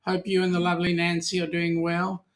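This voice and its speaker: A man's voice: sits high, completely flat delivery, brisk. A middle-aged Australian man co-hosting a casual live-stream chat, greeting viewers and teasing them, with plenty of ums and uhs. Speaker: co-host of a weekly cruising chat.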